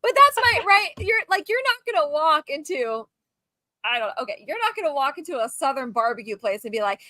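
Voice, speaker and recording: A woman's voice: high voice, big pitch swings, fairly quick, sharp tone, no echo. A woman co-hosting a casual chat, giggling often and playfully mangling French words. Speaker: podcast co-host.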